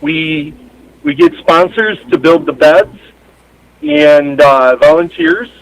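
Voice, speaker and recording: A man calls in to a local show by phone. His voice sits a bit high and sounds dry and close. He speaks in a halting, matter-of-fact way. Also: expressive, no echo, low-quality recording. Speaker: charity chapter leader, call-in guest. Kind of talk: casual phone interview. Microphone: phone call.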